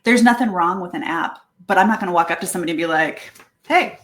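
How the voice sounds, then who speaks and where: A woman giving a casual presentation to a networking group about her language school, lively and chatty, acting out little quoted exchanges. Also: fairly low pitch, rapid-fire. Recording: echoey room.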